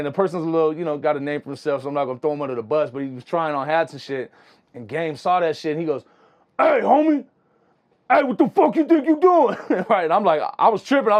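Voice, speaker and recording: Fast-talking, animated young man. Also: fairly high pitch. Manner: animated, slangy, full of "you know what I'm saying". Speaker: music producer guest. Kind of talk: casual storytelling.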